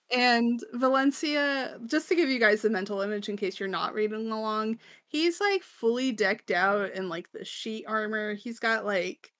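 Recapping chapters with her podcast partner, a woman chats loosely, laughing often and filling pauses with fillers. Her voice sits on the higher side, a bit bright, at a measured pace, without echo.

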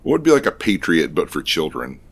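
A man co-hosting a casual film-review podcast, trading dry deadpan jokes. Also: a bass voice, fairly quick, breathy edge. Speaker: podcast co-host.

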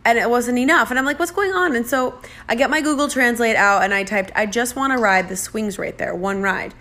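A woman's voice: a little high, steady tone, a little fast, sharp tone. A woman from the United States casually telling a chatty, self-deprecating travel story and acting out the dialogue.

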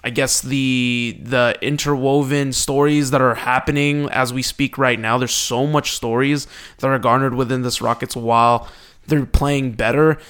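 Excitable man co-hosting a sports podcast. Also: medium pitch, unhurried, clean tone. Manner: excitable, laughs often, restarts. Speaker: podcast co-host. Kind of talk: casual sports chat.

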